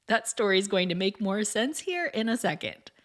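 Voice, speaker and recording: A woman's voice: mid-range voice, expressive, normal speed. A woman hosting her own podcast in a scripted monologue, chatty and upbeat, with frequent light laughs. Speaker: podcast host and piano teacher.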